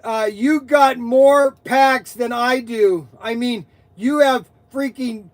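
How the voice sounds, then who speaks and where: A man hosting a casual livestream, reading viewer comments and teasing them in an excitable, rambling way with frequent laughter. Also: very high voice, slow, no room sound. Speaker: livestream host of a toy shop.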